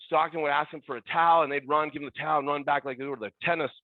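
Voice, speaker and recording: His fairly high, steady-toned voice comes rapid-fire through a tinny, phone-like connection with no room sound. The middle-aged podcast guest, once a ballboy, performs other people's words in raised voices as he tells lively stories.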